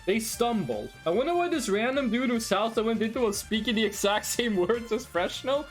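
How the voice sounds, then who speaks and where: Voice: medium pitch, moderate pace, faint music behind. A native Norwegian speaker streaming games from a room at home, rambling and joking in casual chat, swearing now and then. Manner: animated, rambling, jokey, swears. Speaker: game streamer.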